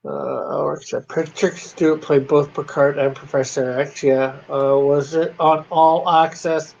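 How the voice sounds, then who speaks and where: A man's voice: a little high, level tone, a little slow, gravelly, darkish tone, a little hiss or hum. Male stream host, casual, reads chat aloud, lo-fi stream sound. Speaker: comic artist hosting a livestream. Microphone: video call on a computer.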